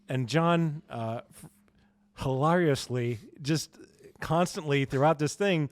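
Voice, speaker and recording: A man co-hosting a podcast, talking in an easy, jokey way and laughing often between points. His voice sits a little higher than most men's. The sound is dry and close, with no room echo. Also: measured pace. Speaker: podcast co-host. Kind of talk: casual chat.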